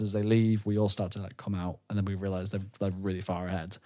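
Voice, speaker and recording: A man on a podcast, recounting a game weekend in casual chat, lively and laughing often. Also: fairly low pitch, quick pace, few pauses. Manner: animated storyteller, breaks into laughter and silly voices. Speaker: podcast co-host.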